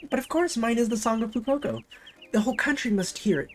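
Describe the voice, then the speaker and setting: A vain bird mascot who believes she is a star singer and speaks in lofty, theatrical phrases. She sits high and projects loudly over her lines, as a streamer plays her in a game. Her manner is pompous and put-upon. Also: animated, fast talker, slight background noise, lightly acted. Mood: haughty. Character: haughty female bird mascot diva singer.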